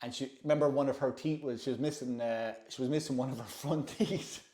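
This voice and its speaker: A Northern Irish man chats casually and rambles on. His voice sits in a middle pitch. It sounds roomy, as if in an echoey room. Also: fairly even intonation, fairly quick, warm tone. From Northern Ireland. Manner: chatty, rambling, laughs often. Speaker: host. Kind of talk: casual chat.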